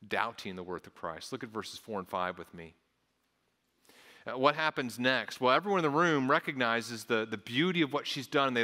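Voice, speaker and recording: A man's voice: medium pitch, sharp tone. Earnest man preaching in a reverberant hall. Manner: earnest, repeats words, acts out voices of onlookers. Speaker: pastor. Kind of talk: sermon.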